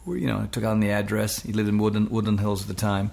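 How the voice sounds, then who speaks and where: Man, middle-aged, gravelly, lowish voice, casual storytelling, mimics quoted people. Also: fast. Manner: animated anecdote-telling, acts out quoted voices. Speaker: interview guest.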